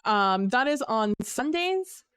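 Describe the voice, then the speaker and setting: Chatty young woman streamer, smooth voice. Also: fairly high pitch, sing-song, slow, a bit bright, no room sound. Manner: rambling, upbeat, full of fillers and restarts. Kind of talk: casual live-stream chat.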